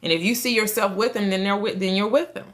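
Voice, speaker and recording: A woman's voice: medium pitch, fairly even intonation, fast talker. A woman hosting a livestream on manifestation, teaching casually and answering questions from chat. She laughs often, repeats words and restarts her sentences.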